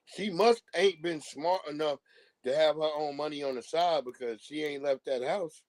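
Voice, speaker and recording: A man doing a casual live-stream rant as a commentator, profane and animated, mocking his subject and breaking into laughter often. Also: a little high, moderate pace, no room sound. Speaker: livestream commentator.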